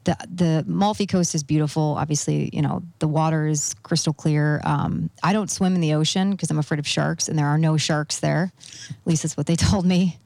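Woman, middle-aged, casual chat, slightly low, dry sound. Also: fairly quick, gravelly, no echo. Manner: animated storyteller, acts out quoted voices. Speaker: guest telling a travel story.

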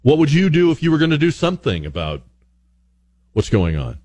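A man's voice: fairly high pitch, brisk, no room sound. A man hosting a talk radio show, delivering an opinionated monologue full of rhetorical questions. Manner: argumentative, rhetorical questions, animated.

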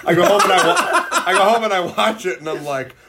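Lively man with a swinging voice. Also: sits high, a little fast, heavy background noise. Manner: lively, laughing storyteller. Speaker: podcast co-host. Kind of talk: casual storytelling chat.

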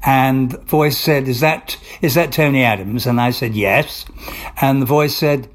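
Here an older male actor rambles through long stories during an interview, acting out the lines and starting over at times. His voice is medium in pitch and his delivery a little slow.

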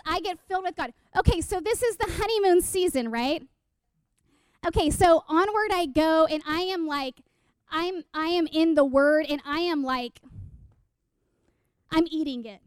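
A woman giving an animated personal testimony sermon, telling stories with quoted asides and questions to the audience. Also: high-pitched, dry recording, clean studio sound. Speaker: speaker at a church gathering.

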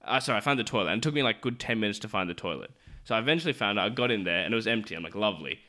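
A man's voice: lowish voice, expressive, very fast, pushed and bright. A young man co-hosting a podcast, telling a story in casual chat and acting out both sides of the conversation. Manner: laughing anecdote teller, acts out both sides of a conversation. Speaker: podcast co-host.

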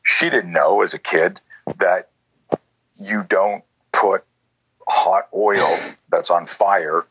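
A man in his sixties, a self-defense instructor, telling stories in casual conversation, rambling with many fillers and a husky voice. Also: deep voice, takes it slowly, fairly bright tone, no room sound, highs cut off. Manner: rambling, lots of "you know" and "like". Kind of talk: conversational storytelling.

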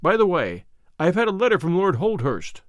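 Guy reading a nervous thankful young diplomat, earnest, kinda fretful, lively ups and downs. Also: sits high, a little fast, dry recording. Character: anxious, grateful young male diplomat, recovering invalid.

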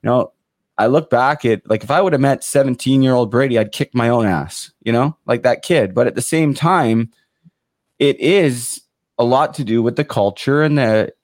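A man's voice: mid-range voice, normal speed, darkish tone, dry recording, clean studio sound. A young man hosting a podcast interview, asking long questions in a rambling way, full of restarts and fillers. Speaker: podcast host. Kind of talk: casual interview chat.

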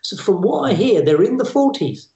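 A man's voice: sits high, sing-song, moderate pace, mellow. A man co-hosting a casual podcast, chatting in a wry, playful way. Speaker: podcast co-host, DJ. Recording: roomy, slightly dull sound.

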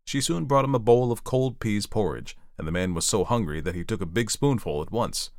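A man reading a storybook aloud, expressive and playful, with chatty asides to the listener. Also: lowish voice, brisk, dry recording, clean studio sound.

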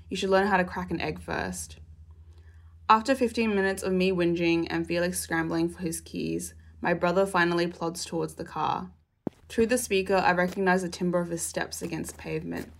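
Gravelly-voiced young woman reading an essay. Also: on the low side. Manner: measured, reflective reading. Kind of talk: reading a personal essay aloud.

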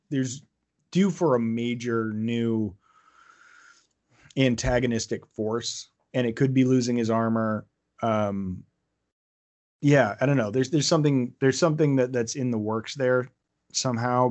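A man's voice: mid-range voice, measured pace, pauses often, a little mellow. A man co-hosting a fan podcast, chatting casually and circling back over his thoughts with playful asides. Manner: rambling, restarts thoughts, playful quips. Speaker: podcast co-host.

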